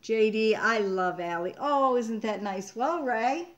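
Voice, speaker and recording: A woman's voice: on the high side, animated, measured pace, lo-fi sound. An older woman from Maine hosting a casual live-stream chat, reading viewers' comments aloud in a chatty way. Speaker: homestead channel host.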